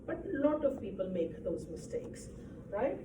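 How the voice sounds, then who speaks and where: A woman's voice: mid-range voice, big pitch swings, normal speed. A woman teaching an English grammar lesson to a class, explaining patiently and often checking with "right?". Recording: echoey room, distant mic, faint noise.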